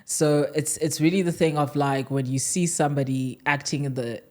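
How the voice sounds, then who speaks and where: This is a South African woman whose accent carries a slight American tinge. Her voice sits remarkably low for a woman. She chats casually as a podcast guest, laughing often and restarting her sentences. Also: steady tone, normal speed, a little mellow. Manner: chatty, laughs often, many fillers and restarts.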